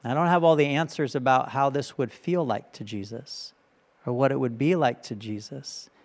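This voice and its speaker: A man's voice: medium pitch, normal speed, a little mellow. A male pastor giving a conversational sermon, often checking in with his listeners by asking "right?".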